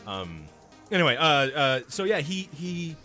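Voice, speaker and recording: A man streaming a game, chatting casually and rambling through animated stories with lots of restarts. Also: a little high, unhurried, soft background music. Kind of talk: casual chat while gaming.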